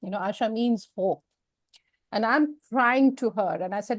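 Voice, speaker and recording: A woman speaking as an interview guest, telling a personal story in a frank, emotional, expressive way. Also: a little high, unhurried, dry recording.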